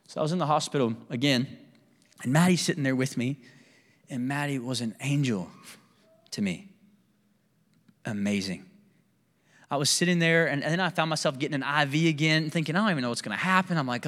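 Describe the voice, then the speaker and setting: A young adult male pastor preaching a candid, animated sermon with personal stories and laughter. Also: fairly high pitch, moderate pace, pauses often, big-room sound.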